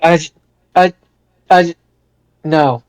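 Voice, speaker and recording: A man's voice: on the high side, very slow, clear, resonant tone, dry recording. A man co-hosting a podcast in casual chat, cutting in with short, incredulous reactions. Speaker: podcast co-host.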